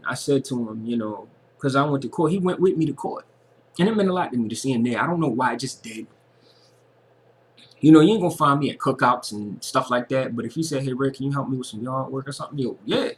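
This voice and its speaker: A man's voice: mid-range voice, expressive, brisk, a little hiss or hum. A man giving an earnest, casual personal monologue as a vlogger, and he repeats phrases for emphasis.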